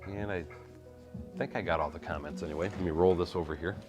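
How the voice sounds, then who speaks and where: A man's voice: sits low, fast talker, over music. A man hosting a live stream, chatting casually and greeting viewers while he sorts bricks, with his mic set a little away from his face. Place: home hobby room. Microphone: mic kept a little away from the face.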